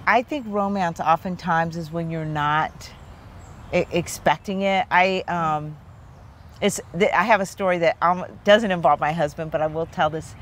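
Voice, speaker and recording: A woman in her fifties, a therapist hosting, telling a personal story in a relaxed, animated chat. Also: lowish voice, moderate pace, a little hiss or hum. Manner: chatty, animated storyteller with many "like"s. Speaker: therapist and host.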